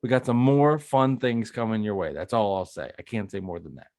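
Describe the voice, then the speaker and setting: A man's voice: lowish voice, a little fast, dry recording, studio quality. A male podcast co-host in casual chat. He tells stories with energy and slips into other people's voices for their lines. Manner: animated storytelling, acts out dialogue.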